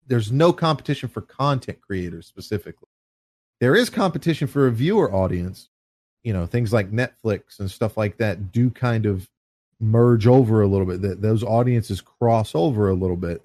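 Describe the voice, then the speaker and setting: A man's voice: on the low side, a little mellow, no echo. Profane ranting man, dry close mic. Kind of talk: casual podcast chat.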